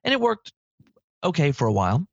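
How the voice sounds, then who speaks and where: A man hosting a podcast in casual chat, lively and talkative, with sudden jumps in pitch. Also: a little fast, creaky, slightly rough, dry recording. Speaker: podcast host. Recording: dry, slightly dull lo-fi audio.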